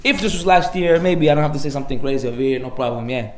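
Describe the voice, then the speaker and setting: A man giving a sermon as a rabbi, animated, acting out the voices in his stories. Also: mid-range voice, fast talker, roomy sound, a little hiss or hum. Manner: animated storytelling, acts out dialogue.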